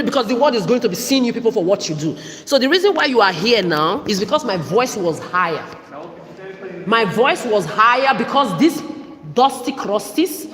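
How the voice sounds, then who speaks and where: A woman's voice: fairly high pitch, fairly bright tone. Heated woman in an echoey hall. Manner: confrontational, repetitive, rising into outbursts. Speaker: vlogger. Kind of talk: heated self-recorded video update. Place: indoor public hall with shops on each side. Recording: echoey big indoor hall.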